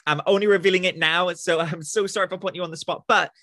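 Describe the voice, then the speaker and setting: A man's voice: high voice, steady tone, quick pace, pushed and bright, dry recording, clean studio sound. A man hosting a casual podcast interview, upbeat and effusive, often stumbling over his words. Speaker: podcast host.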